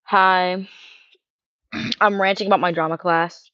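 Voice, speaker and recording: Brief: feminine-sounding streamer, rambling rant with cursing, dull and dry mic. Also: female voice, fairly low pitch, fairly even intonation, takes it slowly, dry recording. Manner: rambling, curses, reads chat questions aloud. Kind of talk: casual ranting livestream.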